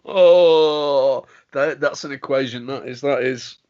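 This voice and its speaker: A man's voice: medium pitch, slow pace, darkish tone. A man from northern England chatting casually on a podcast, easily amused. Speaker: podcast co-host. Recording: dull lo-fi audio.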